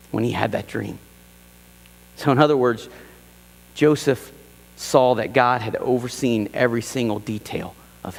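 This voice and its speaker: A male pastor preaching a sermon in a church, animated and emphatic, repeating key phrases and acting out quoted lines. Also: medium pitch, gravelly, in a large hall. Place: church sanctuary.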